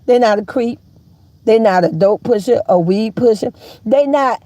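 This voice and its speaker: A sassy woman chats on her live stream in a fairly high voice, teasing her viewers and calling them baby and honey. She laughs often and jumps into squealing highs. The sound is close and dry, with no room around her. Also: sing-song, fast talker, dark tone, no room sound. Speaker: host of a live gossip channel. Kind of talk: casual live-stream chat.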